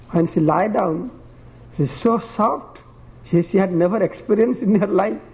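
A man's voice: sits high, normal speed, a little mellow, in a large hall, rough recording. A man preaching a devotional sermon and telling parables in simple, broken phrasing, chuckling at his own stories.

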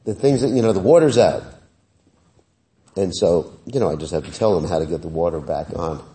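A man giving a scripture class in a relaxed, conversational way, with many fillers, sometimes chanting Sanskrit verses. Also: low voice, a little fast. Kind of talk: sermon. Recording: voice heard from a distance.

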